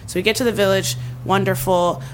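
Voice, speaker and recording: A young woman telling a comedic story in casual chat, animated and full of likes and ums, often breaking into laughter. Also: mid-range voice, brisk, a little hiss or hum.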